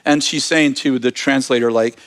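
A man telling a lively story in a sermon, laughing as he talks. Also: mid-range voice, moderate pace.

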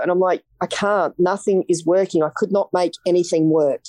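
A woman's voice: on the low side, steady tone, moderate pace, warm tone, dry recording. An Australian woman, a podcast guest, telling a story in a casual interview, blunt and vivid, acting out the quoted dialogue.

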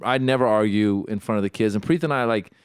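A mellow, easygoing man chatting on a podcast, thinking out loud about family life. His voice is resonant and clean, recorded dry and up close. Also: fairly low pitch, fast, clear, resonant tone, dry recording. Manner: easygoing, reflective. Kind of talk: casual chat.

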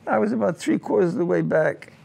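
An older man, a war veteran, telling his combat memories in an oral history interview, halting and repeating words as he goes. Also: high-pitched, lively intonation, gravelly, warm tone.

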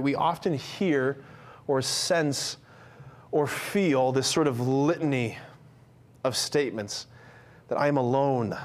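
A man giving an earnest, conversational sermon to men, with frequent fillers and restarts. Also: mid-range voice.

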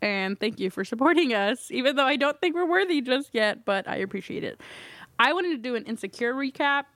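Teasing, high-voiced woman podcast co-host. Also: lively intonation, a little fast, a bit bright, no echo. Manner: teasing and playful, laughs often. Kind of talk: casual chat.

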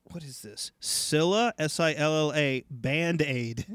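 Enthusiastic man with a higher voice. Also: a bit bright, no room sound, studio quality. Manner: enthusiastic, laughing, swearing. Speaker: podcast co-host. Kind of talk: casual chat recapping a TV episode.

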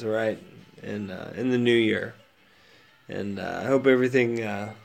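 Male podcast host, gravelly, rambling casual monologue, subdued and low-key. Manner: rambling, laid-back with many fillers and restarts. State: sad, subdued.

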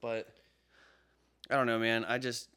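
A man co-hosting a podcast in casual chat, rambling and swearing, with sudden loud outbursts, recorded in a podcast studio. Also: medium pitch, monotone, measured pace, clear, resonant tone. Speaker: podcast co-host.

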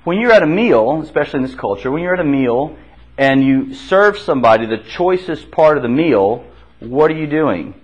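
A man's voice: a little high, animated, normal speed, breathy edge. A man teaching an interactive Bible class. He poses questions to the group and repeats their answers back to them. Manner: conversational, with restarts. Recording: dull lo-fi classroom recording.

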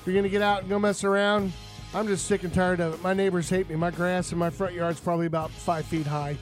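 A man's voice: high voice, level tone, fast, soft background music. A man hosting a casual outdoors radio show, joking and rambling with lots of fillers.

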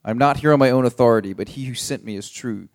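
A man's voice: mid-range voice, fast. A young adult man pastor teaching a Bible passage in a casual, conversational way, paraphrasing with many fillers.

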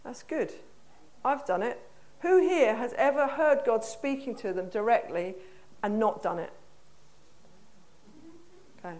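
A woman's voice: a little high, expressive, a little slow, long pauses, darkish tone. A woman preacher with an English accent gives a conversational sermon, putting questions to her congregation in a church hall.

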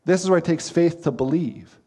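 A man's voice: a little high, a little fast, warm tone, slightly rough. A man preaching a sermon as pastor, earnest and emphatic, with repeated phrases.

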